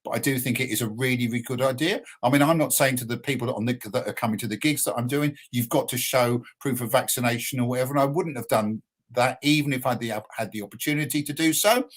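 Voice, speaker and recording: A man's voice: medium pitch, quick pace. An older man, a punk poet and musician, talking earnestly and plainly as a guest in a radio interview. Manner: earnest, emphatic, plain-spoken.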